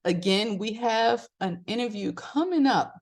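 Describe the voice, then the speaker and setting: Middle-aged woman host from Maryland, casual and animated, pitch leaps for emphasis, laughs a lot. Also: measured pace. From Maryland, USA. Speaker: podcast host. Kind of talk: casual motivational talk.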